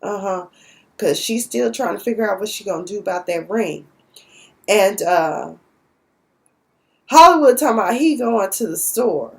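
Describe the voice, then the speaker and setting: A woman's voice: medium pitch, animated, moderate pace, vocal fry, long pauses, a little mellow. A young woman from Dallas, sassily recapping a TV episode in a casual, outspoken way. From Dallas, Texas. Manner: sassy, outspoken, cussing.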